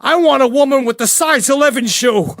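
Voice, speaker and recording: A man doing a high, rambling jailbird. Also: brisk, a bit bright, dry recording, studio quality. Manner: rambling, gossipy, sudden outbursts. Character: rambling jailed older male killer, pious, petty. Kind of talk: comedic character monologue.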